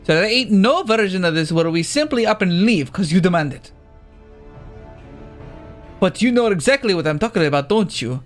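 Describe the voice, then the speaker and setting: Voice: medium pitch, animated, normal speed, pauses often, faint music behind, lightly acted. A video game player voicing a tough, straight-talking woman clan leader with a drawling folksy accent that wanders as the lines go on. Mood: firm. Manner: drawling, uses "ain't". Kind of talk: reading game dialogue aloud in character.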